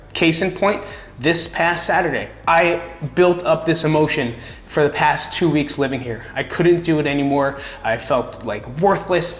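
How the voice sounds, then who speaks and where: A middle-aged man giving casual personal advice in a blunt, earnest way, swearing freely and repeating words for emphasis. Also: fairly high pitch. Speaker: vlogger sharing coping tips. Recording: echoey room.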